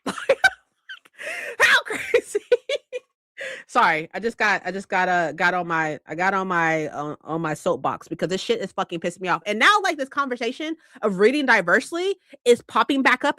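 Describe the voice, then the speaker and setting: A woman's voice: mid-range voice, no room sound. A woman book vlogger ranting in a heated, profane, casual way about reader comments. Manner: heated, profane, animated rant.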